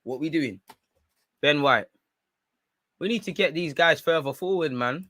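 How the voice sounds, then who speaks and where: A man hosting a live football watchalong, reacting excitedly, shouting at players and the referee and swearing now and then. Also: on the high side, unhurried, dry recording, studio quality. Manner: talks while eating. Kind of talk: live match reaction commentary.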